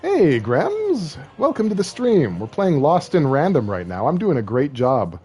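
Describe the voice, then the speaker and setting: A man with a slightly husky voice runs a casual gaming livestream, joking and rambling as he plays. His pitch jumps around a lot, and he keeps dropping into goofy impressions. Game music murmurs faintly behind him. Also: wildly swooping pitch, a little slow, a little mellow. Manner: joking, rambling, slips into silly put-on voices. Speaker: game streamer.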